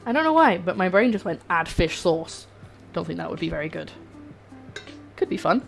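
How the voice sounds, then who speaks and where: A young woman with a slightly low voice cooks on a live stream. She talks in a loose, rambling way to her chat while stirring pots in her kitchen. Faint music plays behind her. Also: sing-song, normal speed, gravelly. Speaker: cooking streamer. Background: faint background music.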